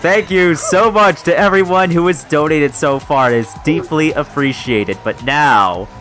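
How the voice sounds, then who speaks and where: A man's voice: fairly high pitch, unhurried, music in the background. A man hosting a casual livestream, chatting in an upbeat way and greeting and thanking his viewers. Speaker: stream host.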